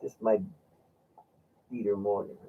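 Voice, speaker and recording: A man's voice: lowish voice, flat delivery, unhurried, a little hiss or hum. A man hosting a casual chat, telling rambling stories with laughs and acting out what his friend said. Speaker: host. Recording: dull lo-fi sound.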